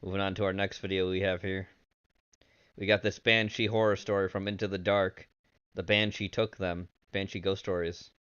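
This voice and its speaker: A man streaming his reactions to videos, cursing and blurting out loud remarks in casual commentary. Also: deep voice, flat delivery, normal speed, smooth, no room sound, dull audio. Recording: loud background noise.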